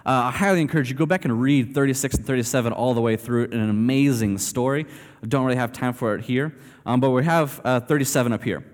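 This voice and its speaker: Casual preacher in a reverberant hall. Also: male voice, mid-range voice, fast. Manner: conversational, animated storytelling. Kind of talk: sermon.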